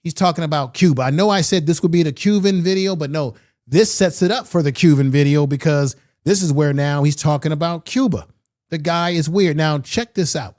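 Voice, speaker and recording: A man's voice: on the high side, fairly quick, darkish tone. Emphatic man doing political commentary. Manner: emphatic, rhetorical questions. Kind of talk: opinionated commentary.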